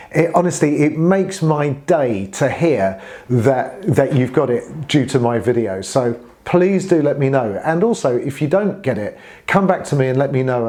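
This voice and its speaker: Man, mid-pitched, earnest saxophone tutor with a casual spoken delivery and some demonstrated growls. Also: warm tone. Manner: friendly and earnest, demonstrating gritty growl sounds with his voice. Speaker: saxophone teacher.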